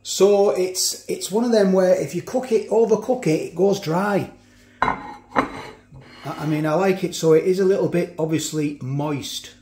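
A man's voice: high voice, measured pace, warm tone, echoey room. A man chatting casually as he cooks and tastes food in a home kitchen. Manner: chatty, talks while chewing, frequent restarts. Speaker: food reviewer. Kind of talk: casual food review vlog.

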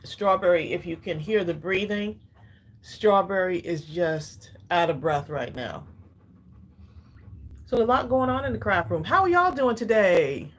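Speaking slowly with long pauses, this woman has a husky, lowish voice with lively intonation. She's a craft channel host in her home craft room, a bit breathless, chatting casually on a live stream and addressing her audience as y'all.

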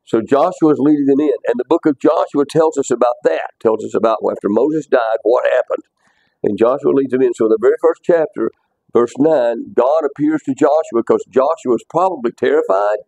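Male bible teacher in a classroom, mellow tone, dry sound, casual and repetitive. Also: mid-range voice, a little fast, gravelly, no room sound, rough recording. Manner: conversational, repeats words, quizzes students.

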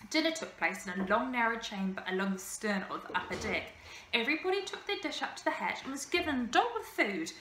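A woman teacher reading a children's novel aloud with lively, expressive storytelling. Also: fairly high pitch, fast talker. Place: school room. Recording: echoey room, faint ambience.

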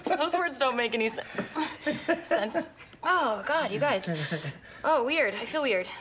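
A woman's voice: high voice, expressive, a little slow, crowd noise. An actress playing a dazed, giggly young woman in a sitcom bar scene. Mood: giddy. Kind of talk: sitcom acting.

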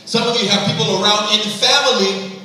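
A man's voice: high voice, steady tone, fairly quick, pushed and bright. A man preaching a sermon to his church with passion, acting out voices as he goes. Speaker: pastor. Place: large church hall. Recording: echoey hall from far off, faint noise.

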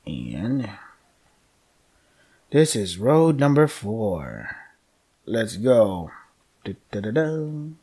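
A man's voice: on the low side, big pitch swings, drawn-out words, long pauses, warm tone, breathy edge. A man casually commenting while playing a game, rambling and joking with frequent swearing. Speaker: let's play gamer.

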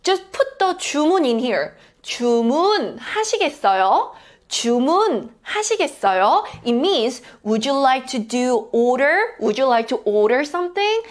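Young Korean-accented woman, upbeat online teacher with a high, bouncy voice. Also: big pitch swings. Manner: cheerful, repeats words slowly for practice. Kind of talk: online language lesson.

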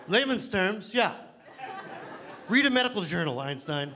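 A man's voice: high-pitched, sing-song, normal speed, long pauses, crowd noise. A man doing a stand-up set on a comedy club stage, telling rambling, self-mocking stories that he keeps stumbling through.

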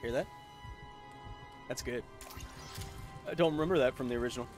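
Guy livestreaming a horror game, excitable, tripping over his words, music going behind him. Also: medium pitch. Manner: excitable, quick bursts and stammered restarts. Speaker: gaming streamer. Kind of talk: casual gameplay commentary. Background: stream music and game sounds.

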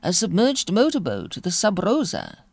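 Woman reading a smug sly young gentleman. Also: lowish voice, moderate pace, gravelly, no echo, studio quality, full character voice. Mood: matter-of-fact. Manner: calm, sly, understated.

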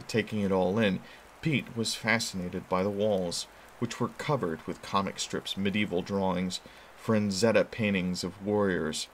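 A man reading a novel aloud as a show host, telling the story expressively. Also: lowish voice. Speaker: reader.

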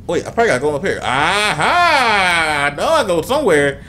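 A young man commentates as he plays, cursing freely and chatting to his viewers. His voice sits a little high and leaps all over the place. Faint game ambience hums in the background. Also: rapid-fire, a little hiss or hum. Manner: excitable, swears a lot, talks to the game and to viewers. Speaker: gaming YouTuber. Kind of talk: let's play commentary.

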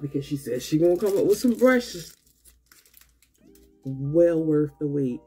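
A woman with a husky, slightly breathy voice unboxing makeup for her viewers, speaking. She talks slowly and sounds tired and drained, yet keeps gushing with excitement. Soft music plays faintly behind her. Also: deep voice. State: tired and low on energy. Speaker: beauty vlogger. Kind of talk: casual unboxing chat.

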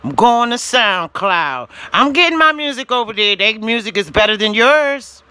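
A woman with a high, piercing, very bright voice delivers an indignant vlog rant straight to camera. She hammers her points through repetition and sometimes breaks into shouting. The sound is close and dry, with no room around it. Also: animated, normal speed, clean tone, no room sound. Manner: indignant and emphatic, rising to shouts; direct address to the platform, repeating phrases. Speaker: channel owner vlogging. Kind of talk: ranting vlog monologue.

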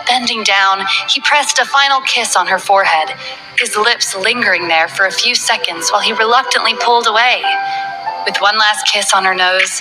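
A woman reading a romance novel aloud in a soft, dramatic storytelling way. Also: on the high side, low-quality recording. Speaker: audiobook narrator. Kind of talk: scripted narration of a romance novel. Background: background music.

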